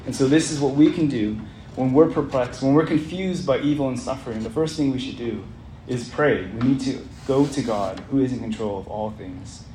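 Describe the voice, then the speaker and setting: A man's voice: mid-range voice, normal speed, warm tone. A man teaching an interactive Bible study lesson in an earnest way, putting questions to the group as he reads. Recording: roomy echo, faint background noise.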